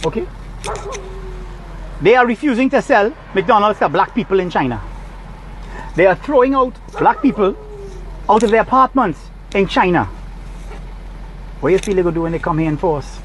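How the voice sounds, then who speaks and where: A man's voice: high-pitched, lively intonation, moderate pace, long pauses, slight background noise, low-quality recording. A Trinidadian man recording a heated, scolding rant from his parked car. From Trinidad and Tobago. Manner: agitated, preachy, scolding. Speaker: vlogger.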